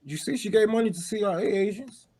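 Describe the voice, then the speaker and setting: A man's voice: sits high, fast talker, a little mellow. A man on a political roundtable panel, bantering with jokes and slang. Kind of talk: casual political chat.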